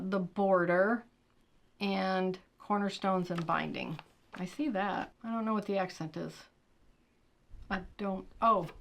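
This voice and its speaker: A chatty middle-aged woman hosts a quilting unboxing at an easy, conversational pace. She reads product blurbs aloud and thinks out loud between them, with plenty of fillers. Her voice sits at an ordinary middle pitch for a woman. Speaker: quilting channel host. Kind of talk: casual unboxing chat.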